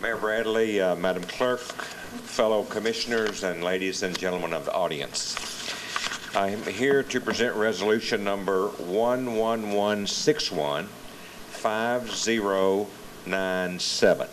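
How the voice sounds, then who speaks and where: A man's voice: on the low side, measured pace. A man commissioner with a Southern American accent formally presenting a resolution and reading out its number. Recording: noisy meeting-room recording.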